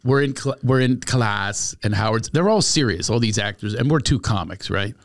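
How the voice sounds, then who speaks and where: A man hosting a podcast as a comedian, telling a story in an animated, laughing way. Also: fairly low pitch, moderate pace. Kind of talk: casual storytelling chat.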